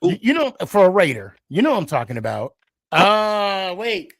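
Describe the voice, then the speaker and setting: Podcast host, male, high and animated, rambling casual talk, dry close sound. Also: moderate pace, vocal fry, no room sound. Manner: animated, rambling, laughs often. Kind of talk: casual sports chat.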